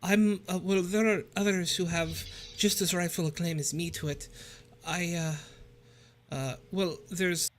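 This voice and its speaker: A man's voice: a little high, a little hiss or hum, close to an everyday voice. Man putting on lizard lady leader w/ an irish accent, stammery and anxious, tabletop game voice. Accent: put-on Irish. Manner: hesitant, stammering. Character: worried female lizardfolk tribal leader.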